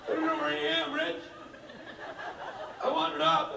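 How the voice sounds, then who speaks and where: A man's voice: completely flat delivery, moderate pace, creaky, a crowd in the background, background noise, exaggerated voice. A man doing a frantic, whiny lost drunk guy. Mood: panicky. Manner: high-pitched, frantic, laughing through words. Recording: roomy hall from far off.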